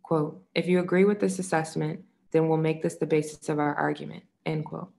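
A woman reading a nonfiction book aloud in a measured way, saying the quote marks out loud. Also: low-pitched, fairly even intonation, creaky. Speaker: audiobook reader.

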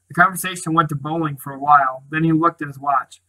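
A man reading a novel aloud in quiet, soft-spoken narration. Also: fairly high pitch, fairly even intonation, fast talker, hardly any pauses, rough recording. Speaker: reader.

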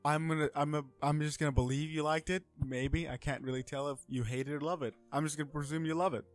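A man's voice: a little high, steady tone, quick pace, soft background music. A man chatting casually as a co-host, dropping dry, teasing side remarks. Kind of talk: casual chat.

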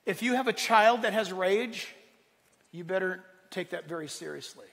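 A man preaching a sermon, lively, acting out quotes and asking his listeners questions. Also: high-pitched, normal speed, gravelly, big-room sound. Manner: animated preaching, acts out quotes, asks the room. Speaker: pastor.

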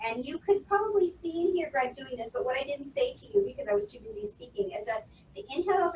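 A woman coaching public speaking in a webinar, calmly instructing and counting out breathing exercises. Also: very high-pitched, fast talker. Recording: roomy echo, distant from the mic, faint noise.

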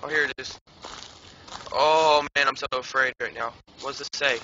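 A man's voice: medium pitch, fairly even intonation, moderate pace. A young man playing a horror game live, panicky and cursing nonstop as he yelps in fright. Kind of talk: live gameplay commentary. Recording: muffled lo-fi mic with loud hiss.

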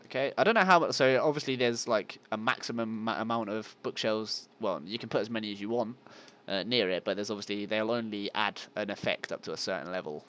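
A man's voice: lowish voice, brisk, hardly any pauses, fairly bright tone, a little hiss or hum. A man giving casual, self-mocking let's play commentary and talking to his viewers. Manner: yelps at game monsters. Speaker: gaming channel host.

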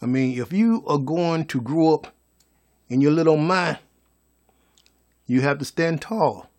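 A man's voice: a little high, a little slow, a little mellow. A man giving a folksy, preachy motivational monologue as a vlogger.

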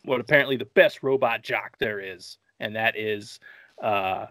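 A man's voice: on the low side, a little slow, pushed and bright, no room sound. A man hosting a casual movie-review podcast, rambling through the plot with jokes and swearing. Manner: joking, profane, rambling. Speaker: podcast host.

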